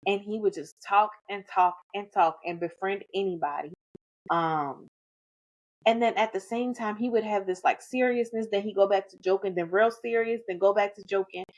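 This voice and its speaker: Woman telling an animated story. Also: medium pitch, moderate pace. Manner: animated, chatty anecdote-telling. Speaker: guest. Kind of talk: casual storytelling.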